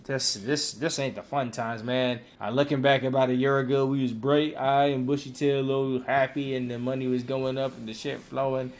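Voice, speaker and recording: A man's voice: medium pitch, little pitch movement, normal speed, few pauses. A man co-hosting a podcast in casual chat, slangy and profane, laughing often. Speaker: podcast co-host.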